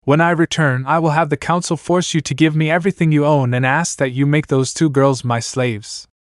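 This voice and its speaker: A man's voice: a little high, fairly even intonation, a little fast, dry recording, studio quality, pitched above the performer's own voice, natural voice. A man voicing an arrogant, scheming young male ninja thinking boastfully to himself. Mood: smug. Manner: smug, boastful inner monologue.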